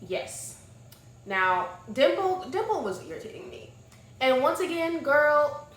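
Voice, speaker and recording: A young woman reviewing books in a casual chat, gushing and animated, dropping to soft murmurs and rising to loud exclamations. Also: high-pitched, measured pace. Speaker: book vlogger. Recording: echoey room with faint noise.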